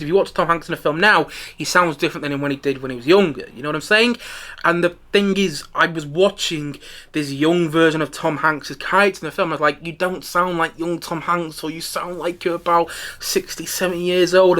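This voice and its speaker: A man's voice: a little high, fairly bright tone. A man hosting a podcast and giving a casual spoken film review, rambling and correcting himself, with chatty asides and laughs. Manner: rambling, self-correcting, repeats himself for emphasis.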